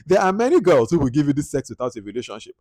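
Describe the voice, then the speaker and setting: A man with a Nigerian accent giving a casual spoken film review, animated and exasperated, jumping into high outbursts and dropping to quiet asides. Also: rapid-fire, dry recording. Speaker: movie reviewer.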